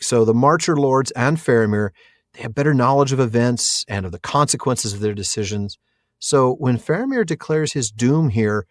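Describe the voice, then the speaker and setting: A man's voice: medium pitch, no room sound, clean studio sound. A middle-aged man co-hosting a podcast, chatting and explaining in an enthusiastic way. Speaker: podcast co-host. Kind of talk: casual chat.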